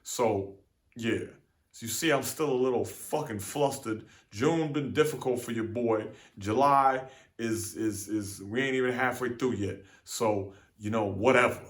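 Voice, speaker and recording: A man's voice: medium pitch, unhurried. A young man talking straight to camera in a casual, profane monologue, venting with lots of repeats and fillers. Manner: animated, profane street talk, repeats "man". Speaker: vlogger.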